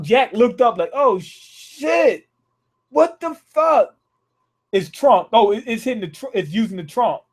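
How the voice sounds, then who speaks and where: A man with a notably high voice reacts live to a manga chapter. He reads lines aloud, stumbles and restarts, and curses freely as he gets worked up. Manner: profane, excitable, rereads lines aloud with many restarts.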